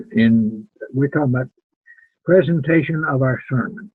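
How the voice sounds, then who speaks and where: An older preaching instructor teaches students in an earnest, plain-spoken manner, often repeating words while he thinks. His medium-pitched voice is husky and measured, with no room sound, though the recording is tinny and phone-like.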